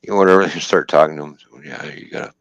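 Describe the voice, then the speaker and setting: A man's voice: extremely low pitch, rapid-fire, creaky, dry recording. A man telling a trucking story in casual, profane talk, laughing and quoting people as he goes. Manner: profane, laughing, animated retelling with quoted dialogue. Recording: dull lo-fi dry stream audio.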